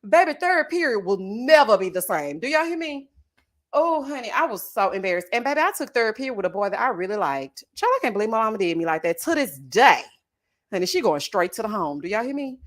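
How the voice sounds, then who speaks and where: In a very animated, fast, mid-range voice, a middle-aged woman hosts casual reality TV reaction commentary. Sassy and dramatic, she laughs, reads viewer comments, and calls them honey and child.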